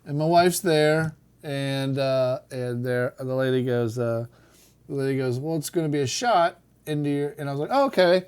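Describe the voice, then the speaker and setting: A middle-aged man telling a story in casual chat, animated, laughing and acting out quotes. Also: mid-range voice, moderate pace, clean tone. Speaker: podcast co-host telling a story.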